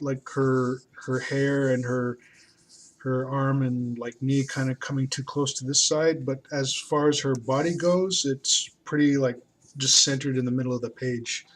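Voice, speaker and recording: A man's voice: medium pitch, fairly even intonation, a little slow. A man talking casually while he draws, rambling and hesitant, with many fillers and restarts. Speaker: artist. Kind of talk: casual talk while drawing.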